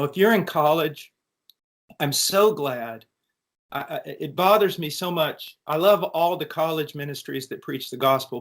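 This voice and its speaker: A middle-aged man from the United States recounts his life in an interview. His voice sits a little high for a man. His telling is earnest and animated, full of restarts. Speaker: interview guest. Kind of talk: conversational testimony.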